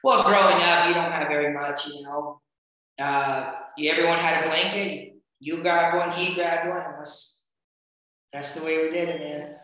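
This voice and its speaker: A man's voice: on the high side, normal speed. A man, a wrestling coach, telling stories in a casual interview with many fillers and restarts. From United States. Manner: relaxed, rambling, frequent fillers and restarts. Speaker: wrestling coach and podcast guest. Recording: very echoey room.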